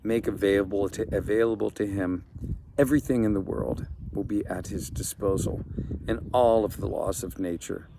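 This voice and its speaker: A man voicing a huge, cold, vengeful male genie in a told story, giving calm low threats. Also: normal speed, vocal fry. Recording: background noise.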